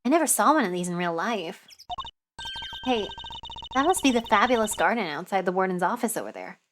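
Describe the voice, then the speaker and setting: A woman voicing an upbeat young female sidekick in a video game, chatty and bright. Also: medium pitch, sing-song, fairly quick, lightly acted. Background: game music.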